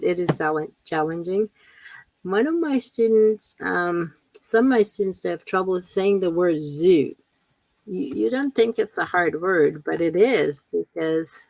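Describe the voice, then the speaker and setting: Slow, gravelly-voiced woman teaching a webinar. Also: on the low side, no room sound, poor audio. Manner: relaxed, repeats words often, reads chat questions aloud. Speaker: ESL teacher trainer. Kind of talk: live webinar talk. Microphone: computer mic on a video call.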